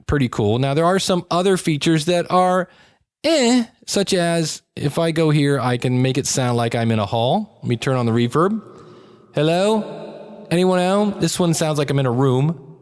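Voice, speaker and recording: A man's voice: on the high side, lively intonation, normal speed, no echo, studio quality. A man hosting a podcast, demonstrating gear in a chatty, wry and upbeat way. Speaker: podcast host. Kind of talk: casual gear demo.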